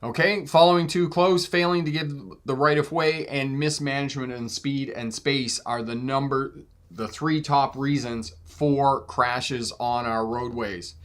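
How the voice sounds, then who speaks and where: A talkative man runs a relaxed live question session as a driving instructor. His voice sits at an ordinary middle pitch, and he laughs often while acting out little exchanges in other voices. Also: a little slow. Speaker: driving instructor and channel host. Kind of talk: casual live viewer Q&A.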